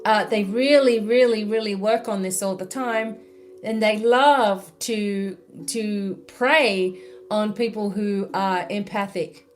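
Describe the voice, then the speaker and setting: A woman's voice: mid-range voice, slow, soft background music. An Australian woman speaking as a spiritual mentor in a live-stream monologue, chatty and full of "you know" and "right?".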